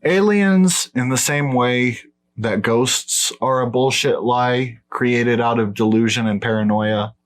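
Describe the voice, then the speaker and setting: A man's voice: medium pitch, slow pace. A man co-hosting a podcast in casual chat, blunt and profane, dismissing claims outright. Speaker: podcast co-host.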